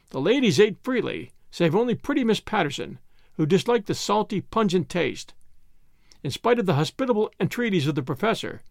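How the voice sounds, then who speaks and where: A man reading a story aloud in a measured, dramatic way. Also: high voice, gravelly, no echo, studio quality. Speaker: narrator. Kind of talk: audiobook narration.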